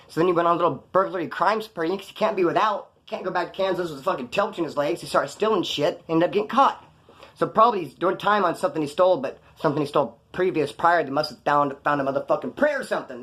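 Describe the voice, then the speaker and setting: Fast-talking man telling prison stories. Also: on the high side, expressive, a bit bright. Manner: rambling, profane, slangy. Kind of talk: casual storytelling to camera.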